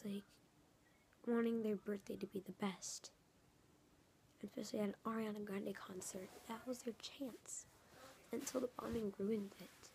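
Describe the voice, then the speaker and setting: A woman talking in a casual, emotional vlog, often dropping into a soft half-whisper and repeating herself earnestly. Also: mid-range voice. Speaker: YouTuber. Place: home in San Francisco.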